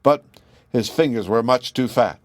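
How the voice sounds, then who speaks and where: A man's voice: medium pitch, measured pace, no echo. Guy reading an old kids story, mid voice, dry close sound. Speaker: audiobook reader. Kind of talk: storybook narration.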